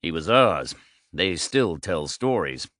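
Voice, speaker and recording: A man's voice: low-pitched, sing-song, slow pace, a bit bright, no echo, studio quality, exaggerated voice. A man voicing a guarded young British army man in an audiobook, curt.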